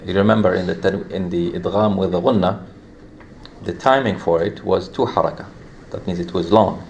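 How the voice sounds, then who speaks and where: A low-voiced man teaches a classroom lesson on Quran recitation at normal speed. He explains patiently, step by step, repeating examples. The room is echoey, with a light background hum.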